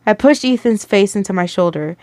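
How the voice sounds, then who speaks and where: Young woman reading a story out loud, casual, trips on words sometimes, dry close sound. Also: medium pitch, lively intonation, fairly quick, dry recording. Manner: casual, stumbles over words and stops to react. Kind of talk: reading a listener story aloud.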